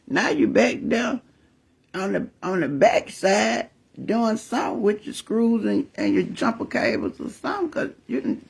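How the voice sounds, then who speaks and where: A middle-aged man, telling his viewers a family story in a chatty, animated way and calling on the Lord. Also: sits high, unhurried, vocal fry, slightly rough. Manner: animated, chatty, laughs often, calls on the Lord. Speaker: vlogger.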